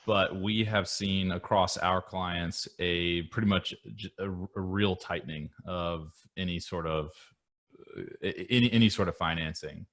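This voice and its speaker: Low-voiced male accountant. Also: steady tone, a little slow, fairly bright tone. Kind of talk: panel discussion on a video call.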